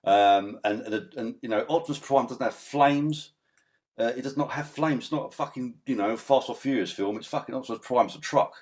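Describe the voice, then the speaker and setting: A man's voice: medium pitch, moderate pace, darkish tone. A man ranting as a guest in a casual podcast chat, swearing often and breaking into laughter. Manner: ranting, swears a lot, laughs mid-rant.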